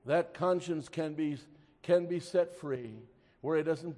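A man preaching a sermon, telling a story and then pressing his point emphatically before dropping to a hush. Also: fairly high pitch, takes it slowly, long reverb tail. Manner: storytelling, rising to emphatic exhortation, drops to a hush.

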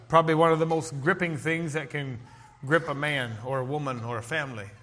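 A middle-aged man preaching a sermon in an earnest, emphatic way, slowing down to stress key lines and reading scripture aloud. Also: on the high side, a bit bright. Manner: earnest, slow emphatic delivery with King James scripture reading.

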